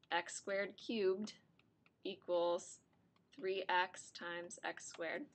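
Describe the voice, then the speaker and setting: A woman's voice: fairly low pitch, a bit bright, slight background noise. A woman teaching a math class, explaining steps to her students while she is losing her voice and it keeps cracking. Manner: talks through steps at the board, chatty with students.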